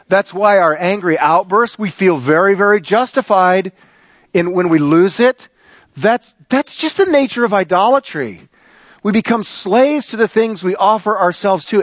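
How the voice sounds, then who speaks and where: A middle-aged pastor preaching a sermon, telling a personal story with lively, excitable energy that sometimes rises to near shouting. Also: male voice, sits high, no echo, clean studio sound. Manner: animated storyteller, gets loud and excited.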